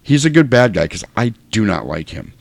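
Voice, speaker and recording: Low-voiced man, lively podcast talk. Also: gravelly, dry recording. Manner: profane, jokey, breaks into quick impressions. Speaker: podcast co-host. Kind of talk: casual movie-review chat.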